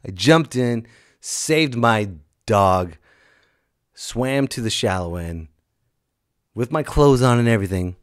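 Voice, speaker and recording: A middle-aged man, just back from being sick, hosts a comedy podcast and tells a story as an animated storyteller, jumping into loud, high put-on voices. He speaks slowly with long pauses, his voice smooth, in studio-quality sound with no echo.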